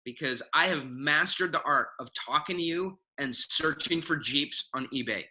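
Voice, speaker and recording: A man talking as a guest mentor on a video call, animated and self-mocking, acting out quoted voices. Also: a little high, moderate pace, rough recording. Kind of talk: casual video call chat.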